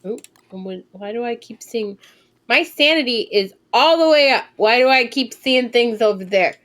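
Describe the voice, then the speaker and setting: A woman in her twenties streaming live gameplay commentary, chatting and thinking aloud, with sudden excited squeals and casual swearing. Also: on the high side, normal speed.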